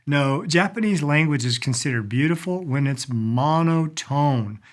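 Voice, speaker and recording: A man giving a casual video lesson on polite phrases, chatty, explaining slowly and repeating words for practice. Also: fairly high pitch. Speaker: language teacher.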